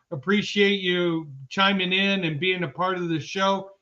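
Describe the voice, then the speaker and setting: An upbeat man with a high, bright voice thanks viewers one by one as he reads through the chat. He sounds casual and friendly. The audio is dull and lo-fi. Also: flat delivery, normal speed. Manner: upbeat, shouting out viewers by name. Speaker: podcast co-host reading the chat. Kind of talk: casual live-stream chat.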